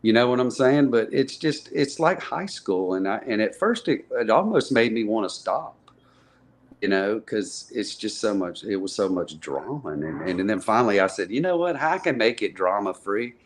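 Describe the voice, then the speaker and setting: Man, lower voice, podcast guest, casual storytelling, rambling, many fillers and restarts. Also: animated, normal speed, slight background noise.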